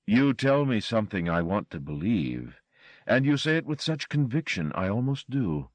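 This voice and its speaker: A man reading an audiobook voices a politely menacing European male stranger who speaks slowly and courteously. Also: lowish voice, sing-song, dry recording, voice pushed up. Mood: calm pressing. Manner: slow, courteous, measured.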